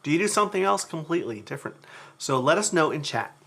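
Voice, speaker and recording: A man's voice: fairly high pitch, sing-song, fast. A man hosting a live cooking demo, talking chattily to his viewers while he cooks. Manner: chatty storyteller who talks to the chat. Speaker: cooking show host.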